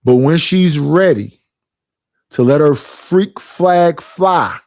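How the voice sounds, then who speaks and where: A man's voice: a little high, slow pace, a little mellow, no echo, studio quality. A man streaming reaction commentary in a blunt, profane, ranting manner, with speech.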